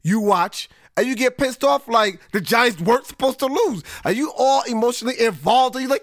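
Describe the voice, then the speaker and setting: Male sports-podcast host, high-pitched, dry recording, frustrated casual rant. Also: expressive, normal speed, a bit bright, dry recording. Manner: frustrated, conversational, drags out words for emphasis.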